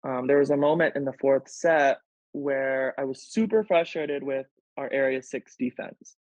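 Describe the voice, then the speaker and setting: In a mid-range voice at a moderate pace, a man guesting on a podcast, a professional volleyball player, chats casually with earnest emotion and plenty of "like" fillers. There's no room sound, and the audio quality is dull and lo-fi.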